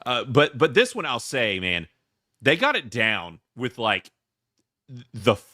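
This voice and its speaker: A man with a Southern US accent, hosting a casual movie review chat, animated and rambling with lots of restarts. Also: medium pitch, unhurried, dry recording, studio quality. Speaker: podcast host.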